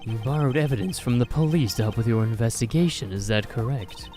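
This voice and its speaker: A man voicing a cool, composed male prosecutor with a dry, measured, deadpan delivery, in an improvised comedic game dub. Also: medium pitch, soft background music, natural voice.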